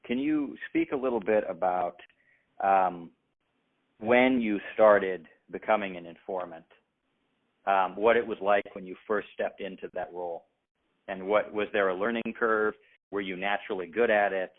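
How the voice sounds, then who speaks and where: A man with a very low voice puts long, meandering questions to his guest, pausing on fillers as he goes. The sound is thin and phone-like. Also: steady tone. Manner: hesitant, hedging questions. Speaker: interviewer. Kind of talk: interview questions.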